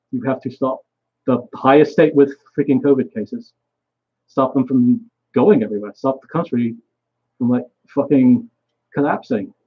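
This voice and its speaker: A man's voice: medium pitch, slightly rough, lo-fi sound. A young man vlogging a rambling solo monologue, swearing often and trailing off mid-thought.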